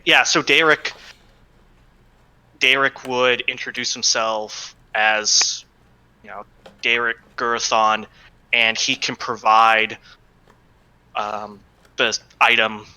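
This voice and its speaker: Bright, smooth-voiced male player. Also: medium pitch, fairly even intonation, takes it slowly, pauses often, low-quality recording. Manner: unsure, thinking aloud. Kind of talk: thinking aloud in a tabletop game.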